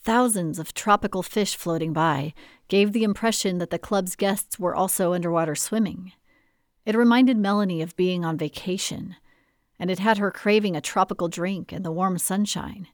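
A woman narrating a novel in an expressive, measured storytelling manner. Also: fairly low pitch, no echo, studio quality. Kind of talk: audiobook narration.

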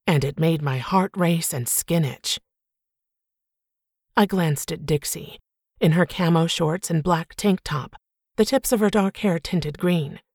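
A woman narrating a first-person audiobook in a measured, reflective way. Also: lowish voice, darkish tone, dry recording, clean studio sound.

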